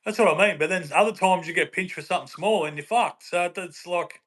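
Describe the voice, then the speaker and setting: An Australian man hosts a loose conversation, chiming in with quick agreement and easy laughter. His voice is a little higher than most men's and has a bright, sharp edge. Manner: laughs along with short backchannel replies. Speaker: podcast host. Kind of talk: casual chat.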